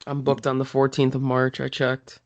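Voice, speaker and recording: A man's voice: medium pitch, monotone, moderate pace, no echo. A man, a wrestler on a podcast, talking bluntly in casual chat and swearing offhand. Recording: dull dry lo-fi sound.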